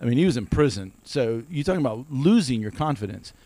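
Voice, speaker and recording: A man's voice: medium pitch, big pitch swings, fast, mellow, no room sound. A man co-hosting a family podcast, talking earnestly and eagerly about church fellowship and ministry. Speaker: podcast co-host. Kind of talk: casual family podcast chat.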